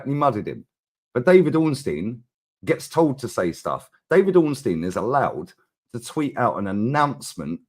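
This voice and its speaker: A low-voiced man, talking football in a slangy, ranting flow. He keeps pressing his points in an animated way as he co-hosts a casual chat. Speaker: co-host.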